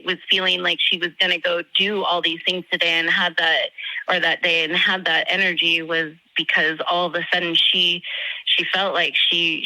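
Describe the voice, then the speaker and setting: A woman's voice: fairly low pitch, pushed and bright, no echo, low-quality recording. A woman earnestly recounting a painful conversation with a friend, with many fillers and restarts. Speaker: friend of the victim.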